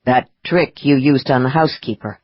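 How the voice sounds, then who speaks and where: A woman voicing a gruff, angry man who growls his words in clipped bursts. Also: rumbling low, normal speed, no echo, muffled recording, voice pushed down. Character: gruff angry man, wounded operative with cane.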